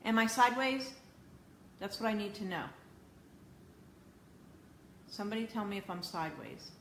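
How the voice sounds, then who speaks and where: A woman's voice: medium pitch, expressive, moderate pace, gravelly, slight background noise. A woman hosting a live cooking stream from her home kitchen, muttering and fretting to her viewers while she struggles to fix her camera. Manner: flustered, muttering to herself while fixing camera. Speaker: cooking show host. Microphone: phone or tablet camera mic.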